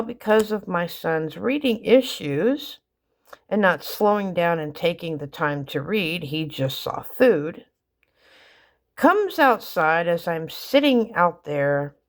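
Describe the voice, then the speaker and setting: Middle-aged woman, lower voice, slow rambling story delivery, lots of ums and restarts. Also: animated. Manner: rambling, with many fillers and restarts. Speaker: mother telling family stories. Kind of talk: casual storytelling.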